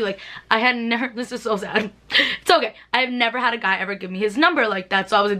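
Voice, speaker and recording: A woman's voice: fairly high pitch, fast talker, sharp tone. A young adult woman telling storytime anecdotes in a chatty vlog, laughing often and filling her talk with "like". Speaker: vlogger.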